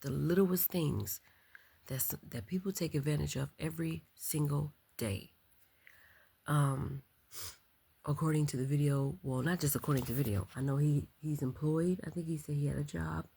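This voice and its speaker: A woman talking in a casual late-night vlog, keeping her voice low and soft, reflective and full of ums and likes. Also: moderate pace, vocal fry, a little hiss or hum. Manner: speaking softly and low to keep quiet. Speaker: vlogger.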